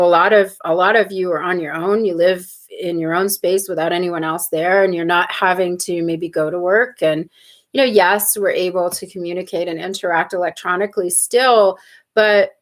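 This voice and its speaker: A woman hosting a casual live stream in a put-on British accent, animated and quick to laugh as she reads out viewer comments. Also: on the low side. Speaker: host.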